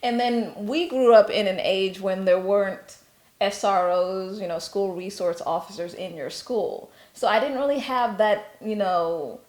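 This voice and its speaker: Teacher lady explaining things calmly, mid pitch, room echo on her mic. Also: measured pace. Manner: calm, explanatory, uses teaching comparisons. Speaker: guest, historian and teacher. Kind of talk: casual conversation. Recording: echoey room.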